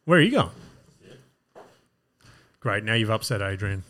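A man's voice: lowish voice, sing-song, a little slow, a bit bright. A man with an Australian accent, co-hosting a podcast in casual chat, laid-back and self-mocking, with frequent swearing. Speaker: podcast co-host and comedian.

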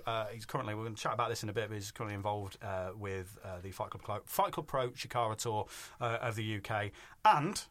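A man's voice: fairly low pitch, a bit bright. A man hosting a podcast, introducing guests with wry humour. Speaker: podcast host. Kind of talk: casual podcast chat.

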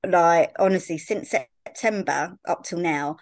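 Speaking at a measured pace in a lowish voice, this Sussex-born young woman chats on a podcast as a guest, her stories sprinkled with "like" and "I remember." The studio-quality recording carries no room sound.

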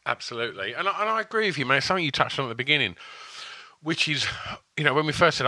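A man co-hosting a podcast, chatting in a relaxed way with some stumbles. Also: mid-range voice, fast, a little hiss or hum. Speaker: podcast co-host. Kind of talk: casual sports chat.

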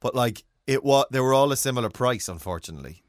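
A man's voice: medium pitch, expressive, fast talker, no echo, clean studio sound. An Irish man co-hosting a casual chat, teasing and often restarting his sentences. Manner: chatty, stumbling restarts, teasing. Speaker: podcast co-host.

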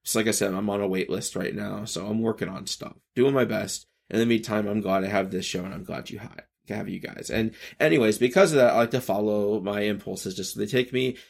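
A man in his thirties talks through a loose podcast monologue with a low, gravelly voice. He stops and restarts often and swings between bursts of energy and quieter, subdued stretches. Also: steady tone. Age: 30s. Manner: halting, self-interrupting, shifts between high energy and subdued. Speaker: podcast host. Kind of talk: rambling casual monologue.

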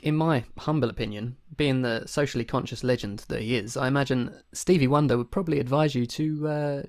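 A man co-hosting a casual comedy podcast, winding through a long story with dry understatement. His voice sits at an ordinary middle pitch and pace. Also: darkish tone. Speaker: podcast co-host. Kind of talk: casual comedic advice chat.

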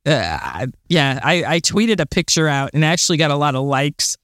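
Brief: male co-host, slightly high pitch, dry recording, chatty space enthusiast who rants. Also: very animated, normal speed, a bit bright, no room sound. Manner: enthusiastic, exasperated rants with fillers and laughs. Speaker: podcast co-host. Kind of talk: casual chat.

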